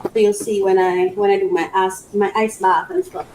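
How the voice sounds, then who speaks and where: A woman's voice: medium pitch, fairly even intonation, moderate pace, darkish tone, slight background noise, poor audio. A woman hosting her own podcast, chatting casually and bubbly as she unboxes a product, laughing often. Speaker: podcast host.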